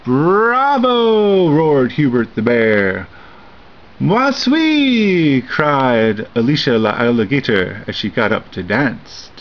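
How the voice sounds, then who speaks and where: A man reading a children's picture book aloud to his child, with expressive storybook narration. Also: medium pitch, a little slow, hardly any pauses. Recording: dull home recording with faint hiss.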